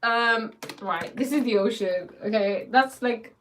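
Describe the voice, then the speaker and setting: A woman's voice: on the high side, a little slow, fairly bright tone, a little hiss or hum. A woman teaching spiritual ideas in a casual live stream, playful and often laughing as she answers viewers.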